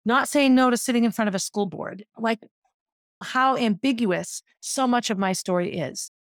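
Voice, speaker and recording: A woman's voice: fairly high pitch, moderate pace, dry recording, studio quality. A woman, a former teacher, telling a personal story in a vivid, descriptive way that walks listeners through a scene.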